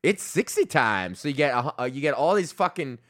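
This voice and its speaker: A young man hosts a solo comedy podcast, telling stories in a loose, profane ramble. His voice sits at a middle pitch, and he laughs often as he goes. He keeps breaking into quick mock voices for the people in his stories. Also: sing-song, fairly bright tone. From Canada.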